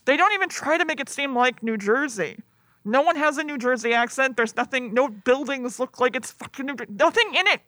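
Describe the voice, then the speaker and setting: A woman's voice: high voice, animated, a little fast, pushed and bright, dry recording, clean studio sound. Sweary, sarcastic young woman podcaster. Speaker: podcast co-host. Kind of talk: casual podcast movie chat.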